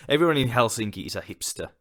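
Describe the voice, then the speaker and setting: A man from Finland with a Finnish accent, co-hosting a casual podcast chat and cracking deadpan jokes. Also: mid-range voice, quick pace. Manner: deadpan joking. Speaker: podcast co-host.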